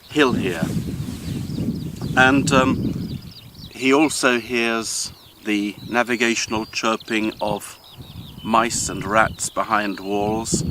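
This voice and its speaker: An older man hosting a vlog, talking in a thoughtful, measured way with frequent pauses as he walks outdoors in the countryside. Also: on the low side, background noise. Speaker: vlog host. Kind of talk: casual explanatory talk on a walk, with a poem reading.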